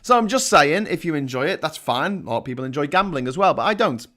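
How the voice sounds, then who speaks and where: A man's voice: on the high side, animated, quick pace, sharp tone. Rambling Scouse man reading headlines. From Liverpool, England. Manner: chatty and rambling, sarcastic asides. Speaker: live-stream chat show host. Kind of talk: casual chat reading headlines.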